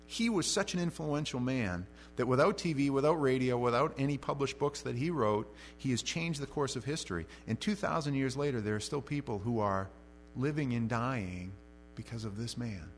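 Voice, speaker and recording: At a moderate pace, a man gives an expository sermon as pastor, slipping between conversational asides and emphatic statements. Loudness and pitch vary a lot, and there's slight background noise.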